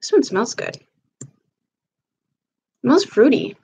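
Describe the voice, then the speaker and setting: A woman hosts a casual livestream makeup chat from home, picked up by the camera mic, meandering chattily as she puts on her makeup. Her fairly high voice is very animated yet slow, creaky, slightly rough and darkish in tone.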